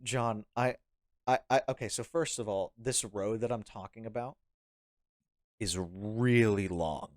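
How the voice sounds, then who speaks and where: A man's voice: fairly low pitch, unhurried, no echo, clean studio sound. A young man telling a rambling story in a casual chat, laughing often and acting out what people said. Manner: animated, rambling, laughing, acts out quoted lines. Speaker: podcast guest.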